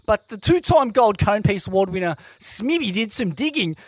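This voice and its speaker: Australian host in pompous mock outrage. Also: male voice, sits high, very animated, moderate pace, dry recording. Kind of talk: mock-serious podcast roast.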